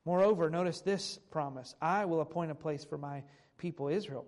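Male preacher with a somewhat high voice, reads old scripture and then unpacks it plainly. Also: normal speed, darkish tone. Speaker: pastor. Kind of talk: sermon with scripture reading.

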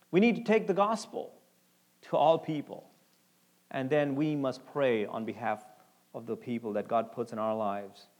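A man preaching a sermon, reading scripture slowly and shifting between loud, emphatic lines and hushed, quiet ones. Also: mid-range voice. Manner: reads scripture slowly and deliberately. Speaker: pastor.

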